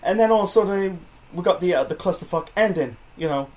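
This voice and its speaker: A man's voice: high-pitched, expressive, fast, darkish tone. A young man reviewing wrestling in a rambling, casual chat full of fillers and self-corrections.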